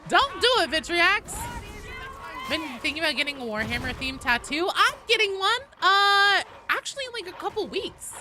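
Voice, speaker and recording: Woman streaming a game, super animated voice swinging up and down, chatty and jokey, game noise in the background. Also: extremely high pitch, moderate pace. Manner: lively, chatty, jokey with chat, loud outbursts. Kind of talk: live-stream chat while gaming. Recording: game sounds and noise behind voice.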